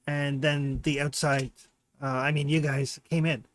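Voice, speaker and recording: A man voicing a wary male dwarf guide who speaks haltingly and hesitantly. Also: a little high, flat delivery, a bit bright, no echo. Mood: evasive. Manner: halting, hesitant, full of fillers.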